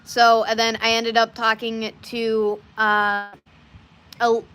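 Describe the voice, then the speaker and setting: A woman talking off the cuff on her livestream, her voice bright and ringing and a little higher than most. She wanders from story to story, restarting sentences and circling back as she goes. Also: monotone, slow pace, clear, resonant tone. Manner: rambling and chatty, many restarts and side stories. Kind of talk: casual rambling chat to a live audience.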